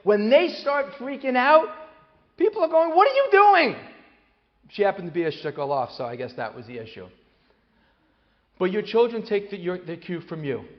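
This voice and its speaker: Animated man lecturing in a reverberant hall. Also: a little high. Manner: animated storyteller, acts out quoted voices, many restarts. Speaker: speaker at a parenting talk. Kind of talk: lively talk to an audience. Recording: long hall reverb, dull lo-fi sound.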